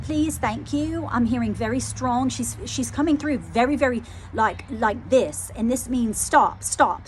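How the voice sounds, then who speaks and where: A woman psychic medium doing a channelling reading, talking hesitantly, repeating phrases, softly moved. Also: fairly high pitch, background noise.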